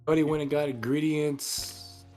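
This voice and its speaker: A man's voice: on the high side, flat delivery, a little slow, a little mellow, faint music behind. A young man casually recapping a tabletop game as game master, rambling and cursing as he jokes. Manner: rambling, profane, jokey storytelling.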